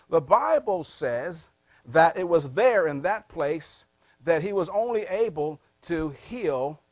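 Preacher guy with a high voice, tosses questions at the crowd, dry close sound. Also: dry recording. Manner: call-and-response questions to the congregation; wide swings in loudness and pitch. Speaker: pastor. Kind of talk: sermon.

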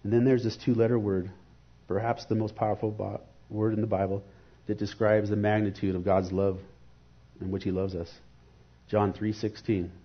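A man's voice: fairly low pitch, level tone, moderate pace, slightly rough, lo-fi sound. A man giving an earnest, reflective devotional sermon and posing rhetorical questions.

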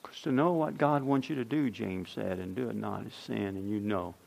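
A middle-aged man preaching a sermon as pastor, swinging from loud emphasis to near-whispers. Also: fairly low pitch, moderate pace, gravelly, lo-fi sound.

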